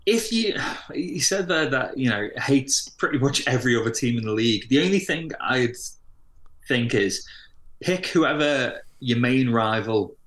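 A man's voice: mid-range voice, animated, unhurried, a bit bright. A man co-hosting a podcast, wry and teasing in casual chat. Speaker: podcast co-host. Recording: roomy echo.

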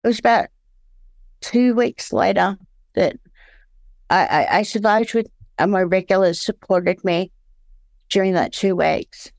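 An Australian woman telling her story candidly as an interview guest, halting and searching for words, often restarting. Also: mid-range voice, gravelly, no echo.

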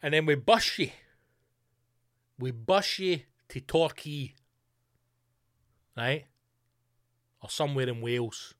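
A man's voice: fairly high pitch, lively intonation, slow, pauses often, no echo, studio quality. A man hosting a solo podcast, ranting with lots of swearing and sarcastic asides. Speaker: podcast host.

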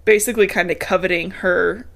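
A woman's voice: lowish voice, steady tone, a little fast, vocal fry, fairly bright tone. A woman, chatting casually on a podcast as she recaps a book, laughing often and swearing freely. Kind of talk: casual chat.

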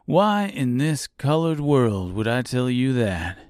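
A man's voice: mid-range voice, very animated, slow pace, a little mellow, clean tone, no echo, clean studio sound. A man voicing a sly, mocking tin man. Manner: mocking, swearing, laughing to himself. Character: sly, bitter male tin man, rusted and strung up. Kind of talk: audiobook character voice.

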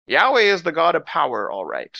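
A man teaching through a Bible story, retelling it in lively, dramatized fashion and acting out the characters' words. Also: fairly quick, creaky, no echo, dull audio. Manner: animated storytelling, acts out characters with rising pitch.

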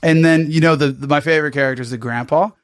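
A man's voice: on the high side, fairly even intonation, fast talker, no room sound, clean studio sound. A man co-hosting a casual podcast, rambling and casual, swearing now and then. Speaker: podcast co-host.

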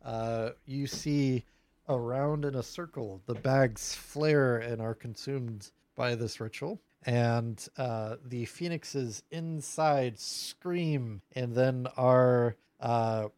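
Unhurried man running a tabletop game. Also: mid-range voice, a little mellow, no room sound. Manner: casual and halting, full of fillers. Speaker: game master.

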